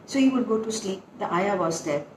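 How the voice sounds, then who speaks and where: Her voice is medium in pitch and brisk: an older dance guru being interviewed about the past. She tells animated stories from her training, acting out her teachers' quotes, in an echoey room with a little background noise.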